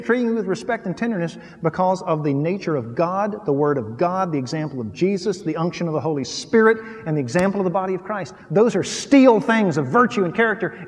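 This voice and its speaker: Guy preaching a sermon, high voice, big echoey church, goes quiet then loud and punchy. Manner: swings from quiet, low asides to loud, rising emphasis; acts out little scenes.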